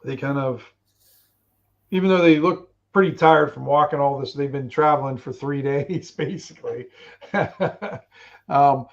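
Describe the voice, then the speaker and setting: A man narrating as game master of a tabletop game in a relaxed, rambling way. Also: medium pitch, measured pace, creaky, long pauses, muffled recording.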